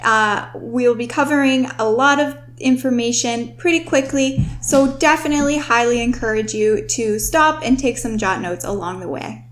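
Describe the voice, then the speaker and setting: A young woman with a fairly high voice hosts a scripted vocabulary lesson as a host and writing tutor. She explains each word in a clear, instructive way, slowing down to emphasize the key terms.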